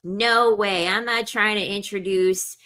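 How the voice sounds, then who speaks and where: A woman's voice: mid-range voice, fairly even intonation, unhurried, sharp tone. A woman ranting bluntly to her viewers, swearing freely and repeatedly saying she is sorry. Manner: blunt, profane, keeps saying "I'm sorry". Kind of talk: casual opinionated rant to viewers.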